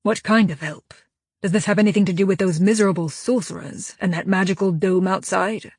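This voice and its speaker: Gruff stubborn dwarf boss, curt and grumbling, read by a woman, husky tone, dry audiobook sound. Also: mid-range voice, fairly even intonation, fairly quick, a little mellow, no echo.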